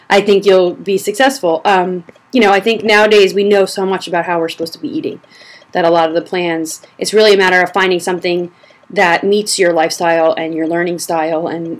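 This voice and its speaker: A young woman chatting casually to camera as a blogger answering reader questions, a little short of breath, rambling with fillers and restarts. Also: on the low side. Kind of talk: casual vlog chat.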